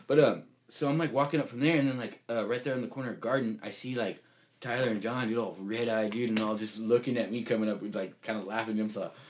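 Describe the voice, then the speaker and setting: A man telling a rambling, profane story in casual chat, saying "dude" constantly and getting loud when excited. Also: lowish voice, fast talker, a little hiss or hum.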